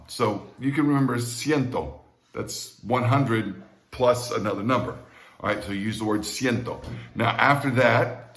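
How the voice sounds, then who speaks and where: A man teaching Spanish numbers in a recorded lesson, patiently repeating each word slowly and checking in with the learner. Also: fairly low pitch, echoey room.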